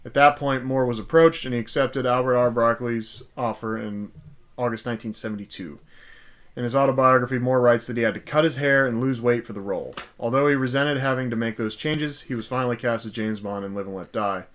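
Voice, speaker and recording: A man's voice: medium pitch, fairly quick, fairly bright tone. Casual male podcast co-host. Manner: laughs often, reads notes aloud. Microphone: podcast mic.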